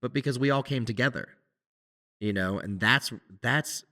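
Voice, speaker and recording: A man co-hosting a podcast, talking in a casual, animated way with many restarts. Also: medium pitch, moderate pace. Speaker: podcast co-host, musician. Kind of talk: casual conversation.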